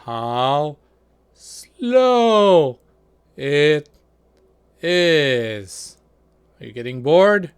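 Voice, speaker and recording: A man hosting a tech review video in a casual, chatty way, with joking asides and animated reactions. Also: mid-range voice. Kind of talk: casual chat.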